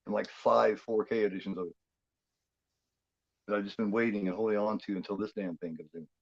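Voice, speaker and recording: A man chatting casually during a movie watchalong, rambling and halting with lots of fillers and restarts. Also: on the low side, fairly even intonation, vocal fry, lo-fi sound. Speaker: guest co-host.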